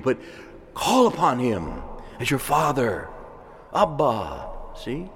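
A man's voice: fairly high pitch, big pitch swings, measured pace. Man preaching in an echoing church. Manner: conversational preaching with asides and soft laughs. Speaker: priest. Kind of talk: sermon. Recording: long reverb of a church hall.

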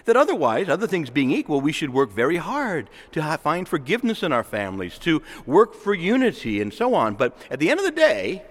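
Animated preacher man in a reverberant hall. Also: a little high, a little fast, few pauses. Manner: conversational, animated, acts out quoted voices. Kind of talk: sermon. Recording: long reverb of a large hall.

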